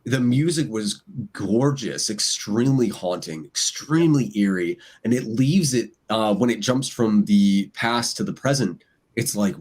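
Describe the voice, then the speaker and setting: A man talking casually as a guest on a live podcast, animated, acting out lines in quoted voices. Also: lowish voice, unhurried.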